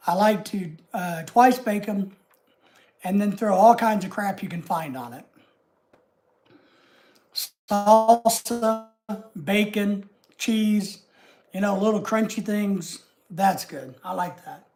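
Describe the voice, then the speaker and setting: Hosting a livestream, a Southern US woman chats casually with her viewers, rambling homily and drifting into frequent asides. She speaks slowly with long pauses, in a medium-pitched voice with a darkish tone.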